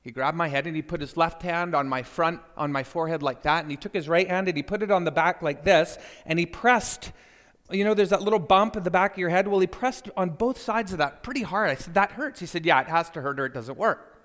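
A man telling a personal story to listeners, animated and speaking to them directly. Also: high-pitched, fairly quick, in a large hall. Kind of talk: storytelling talk.

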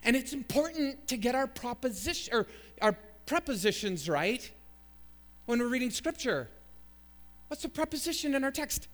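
Man, pastor, sermon, emphatic storyteller, high-pitched voice. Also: animated, moderate pace, a bit bright.

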